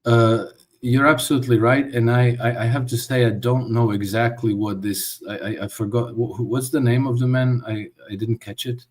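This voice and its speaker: A man talks through his answers as an interview guest. His pitch sits in the middle of the male range, and he often stumbles and restarts his sentences as he thinks aloud. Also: steady tone, moderate pace. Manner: thoughtful, with frequent restarts and stammers. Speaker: guest commentator. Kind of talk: conversational interview.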